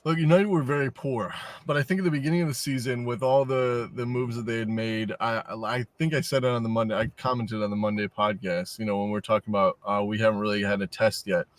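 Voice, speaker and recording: A man's voice: lowish voice, fairly even intonation, fast talker, no room sound. A man co-hosting a casual football podcast, joking around and laughing often. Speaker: podcast co-host. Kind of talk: casual sports chat.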